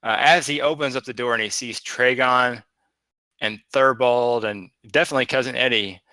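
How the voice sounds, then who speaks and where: Game master, male, halting narration, bright tone, dry close sound. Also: mid-range voice, steady tone, no echo. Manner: hesitant, filler-heavy narration.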